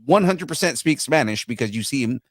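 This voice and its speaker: A man co-hosting a casual pop-culture podcast, excitedly talking through a movie trailer with his co-host. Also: medium pitch, a little fast, no room sound, studio quality. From grew up Latino in the US. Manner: excited, hypes reactions.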